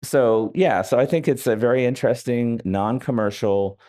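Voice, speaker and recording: A man's voice: medium pitch, moderate pace, warm tone. A man, an author speaking in a live onstage interview, telling wry, rambling anecdotes with frequent hesitations. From United States. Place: festival stage before an audience.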